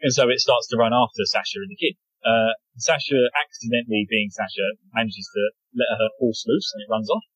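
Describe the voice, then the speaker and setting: Quick, husky-voiced man chatting. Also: mid-range voice, big pitch swings, a bit bright, no echo, lo-fi sound. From not American. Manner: rambling and chuckling as he recaps. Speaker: podcast co-host. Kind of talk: casual chat recapping a manga.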